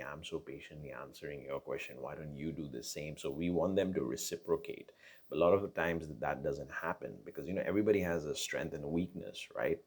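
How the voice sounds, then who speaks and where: A man with a rumbling low voice and vocal fry offers casual relationship advice in a conversational monologue. He fills it with fillers and restarts and keeps adding "right?" tag questions.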